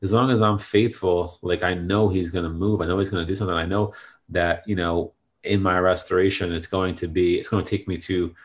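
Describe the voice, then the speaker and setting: A man's voice: deep voice, steady tone, fairly quick. A man talking casually and earnestly about faith, with many fillers and restarts.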